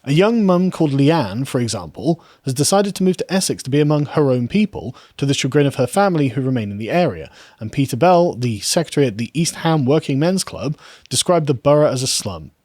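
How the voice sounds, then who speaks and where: A man giving commentary, reading passages from articles and adding measured asides of his own. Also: mid-range voice, big pitch swings, a little mellow, no room sound, studio quality. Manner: measured, reads quoted passages aloud with pointed asides. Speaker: political commentator.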